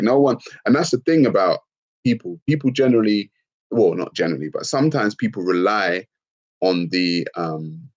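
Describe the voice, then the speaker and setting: A man's voice: sits low, lo-fi sound. A man with children, talking bluntly and profanely on a casual livestream, answering chat comments. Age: adult with children. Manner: blunt, profane, animated, laughs often.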